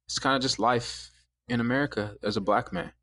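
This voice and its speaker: A young man in his twenties calmly telling a personal story in casual conversation, quoting others as he goes. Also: mid-range voice, a little fast.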